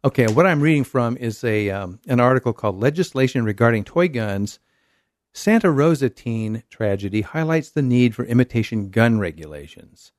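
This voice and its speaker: A man's voice: mid-range voice, animated, moderate pace, no room sound. Male host, dry close mic, wry news reader with sarcastic asides. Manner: wry, reads quotes then comments sarcastically. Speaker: podcast host. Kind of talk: casual talk, reading news aloud.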